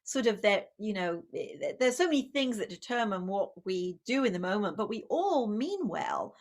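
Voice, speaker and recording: Woman giving a parenting talk, gravelly voice, chatty, lots of ums and restarts. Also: medium pitch, sing-song, normal speed. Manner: conversational, with frequent fillers and self-corrections. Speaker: child psychologist and author.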